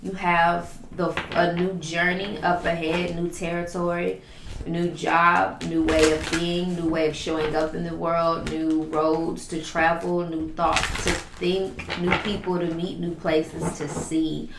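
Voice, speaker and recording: A woman with a low, gravelly voice delivers a spiritual tarot reading. She talks in a flowing, affirming way and stacks up repeated lists of phrases. The sound is roomy and echoey, with a faint hum of ambience behind her. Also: level tone, takes it slowly. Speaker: tarot reader.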